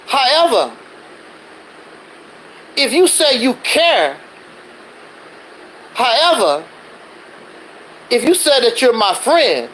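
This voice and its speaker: A man's voice: very high-pitched, very animated, takes it slowly, pauses often, fairly bright tone, slight background noise, low-quality recording. A man hosting a livestream, ranting defensively in a casual monologue full of rhetorical questions. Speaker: livestreaming channel host.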